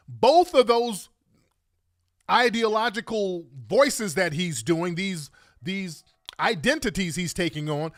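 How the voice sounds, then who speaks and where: A middle-aged man hosting a talk show, emphatic and profane, firing off rhetorical questions. His voice sits high and swings widely in pitch. The sound is dry and close, with faint music underneath. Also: expressive, takes it slowly, no room sound. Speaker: radio talk host. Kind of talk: opinionated talk monologue.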